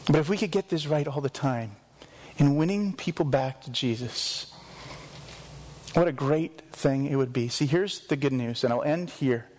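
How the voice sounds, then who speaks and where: A man's voice: mid-range voice, normal speed, a little mellow, long reverb tail, rough recording. A man preaching a sermon as pastor, earnest and conversational with self-deprecating asides.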